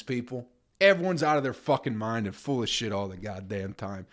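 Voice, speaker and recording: A man's voice: medium pitch, brisk. A man hosting his own podcast, ranting with heavy swearing and mocking put-on voices of other people. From United States. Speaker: podcast host. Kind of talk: profane comedic rant.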